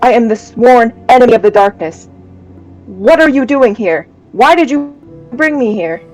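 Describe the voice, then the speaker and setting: A woman voicing a proud holy warrior who speaks in a declamatory, commanding way, with soft music playing behind. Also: on the high side, expressive, moderate pace, lightly acted, low-quality recording. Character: proud holy warrior sworn against darkness.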